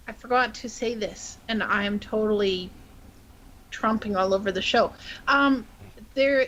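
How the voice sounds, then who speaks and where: A woman co-hosting a gaming podcast, chatting quickly through a long tip about games. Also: medium pitch, fairly bright tone, muffled recording, slight background noise. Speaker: podcast co-host. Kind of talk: casual gaming chat.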